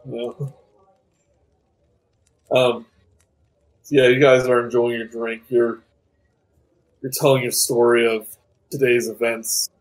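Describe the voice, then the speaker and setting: A man narrating a tabletop game as game master, casual and halting with fillers. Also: mid-range voice, level tone, poor audio.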